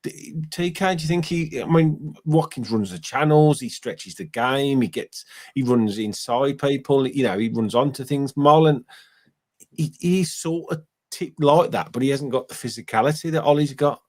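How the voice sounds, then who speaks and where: A man's voice: medium pitch, normal speed. A man hosting a casual football fan phone-in, chatting and bantering. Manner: chatty, laughs easily, warm banter. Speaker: podcast host.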